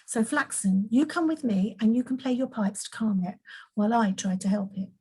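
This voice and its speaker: A woman voicing a kind, determined young princess in a storybook reading, speaking gently and soothingly. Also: a little high, normal speed, slightly rough, poor audio.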